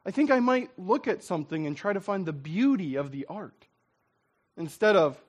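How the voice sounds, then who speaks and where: A man preaching a sermon as a pastor, in a lively, conversational way that acts out what people say. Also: high voice, normal speed.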